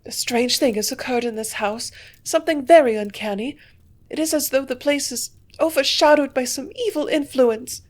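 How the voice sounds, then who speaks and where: Distraught noblewoman, high and shrill with panic, pleading; played by a woman reader. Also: moderate pace, a little mellow. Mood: desperate. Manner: gasping, shrieking, desperate. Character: distraught baronet's wife, fearful and pleading.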